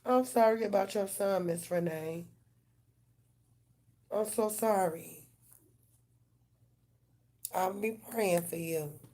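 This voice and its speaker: A woman's voice: medium pitch, takes it slowly, long pauses, dark tone. Woman on a live stream just chatting w her viewers, lots of slang n cussing, regular mid voice. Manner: loose, profane, chatty storytelling with slang; addresses viewers directly. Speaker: tarot reader hosting a live stream. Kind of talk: casual live-stream chat.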